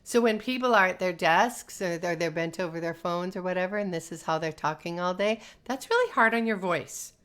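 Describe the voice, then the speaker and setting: A North American woman voice teacher giving a chatty live-streamed lesson, reading viewer comments and talking in an animated, sing-song way. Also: fairly low pitch, a little fast, hardly any pauses.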